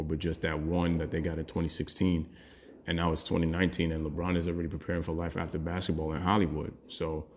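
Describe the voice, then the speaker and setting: A man with a very low voice delivers an opinionated sports rant for his own channel. He talks bluntly and heatedly, swearing freely as he argues his point. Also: a little mellow. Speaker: sports commentary YouTuber.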